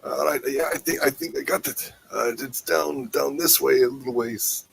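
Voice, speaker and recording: A man's voice: mid-range voice, moderate pace, creaky, slight background noise. A man taking part in a tabletop game, talking in a laid-back, rambling way. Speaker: player. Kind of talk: casual tabletop game chat.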